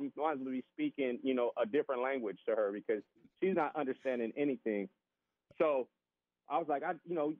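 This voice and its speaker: A man telling a casual, animated story as a podcast guest, acting out the voices of other people and often repeating his words. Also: mid-range voice, fairly quick, no echo. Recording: tinny phone-line sound.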